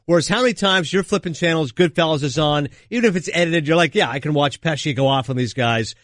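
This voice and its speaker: A man in his thirties from Canada, filling in as a sports radio host, chatty and quick to laugh as he tells stories. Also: fairly high pitch, fairly bright tone, dry recording, studio quality. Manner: fast, chatty, laughs easily, tells stories with quoted voices. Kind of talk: casual sports talk. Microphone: studio mic.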